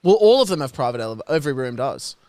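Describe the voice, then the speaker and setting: Animated Australian bloke telling stories. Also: male voice, mid-range voice, very fast, no room sound. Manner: animated storyteller, does voices. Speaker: podcast co-host. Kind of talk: casual chat.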